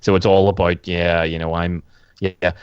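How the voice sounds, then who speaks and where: A man's voice: sits low, flat delivery, normal speed, smooth, lo-fi sound. A man in a casual podcast chat, blunt and prone to stumbling restarts.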